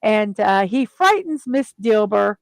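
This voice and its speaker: A woman's voice: medium pitch, big pitch swings, slow pace, gravelly, no room sound. A middle-aged woman hosting a casual chat, animatedly retelling the plot of a film. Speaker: host.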